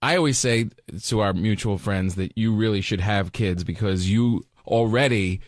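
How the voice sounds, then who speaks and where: A man's voice: fairly low pitch, normal speed, dry recording, studio quality. A man hosting a casual podcast interview, chatty and teasing, who laughs often. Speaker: podcast host.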